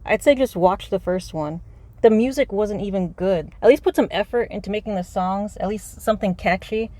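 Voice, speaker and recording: A woman's voice: medium pitch, normal speed, mellow, dry recording. Woman, car vlog, unscripted rant: exasperated, profane, rambling. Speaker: movie reviewer. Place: inside a parked car.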